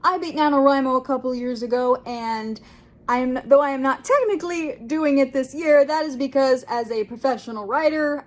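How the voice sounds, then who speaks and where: A bubbly young woman with a high voice talks straight to camera about her writing. She chats in a lively, friendly way and slips into other people's voices when quoting them. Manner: bubbly, acts out quoted voices. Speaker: writing vlogger. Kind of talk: casual talk to camera.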